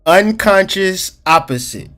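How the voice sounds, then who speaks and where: A man's voice: high-pitched, lively intonation, slow pace, sharp tone, soft background music. A man in his forties giving a casual spiritual teaching talk, colloquial and repetitive, drawing out his key phrases.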